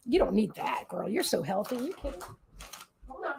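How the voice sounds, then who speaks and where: A woman's voice: sits high, sing-song, fast talker, creaky, noisy background. A woman hosting a live psychic reading stream from her desk at home, rambling and emotional as she reads viewer comments and talks to her dog.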